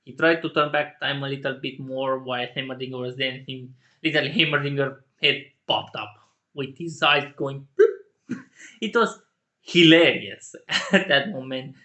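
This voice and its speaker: A man in a casual solo rant who laughs often, swears, and jumps to indignant shouting. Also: medium pitch, normal speed. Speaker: channel host.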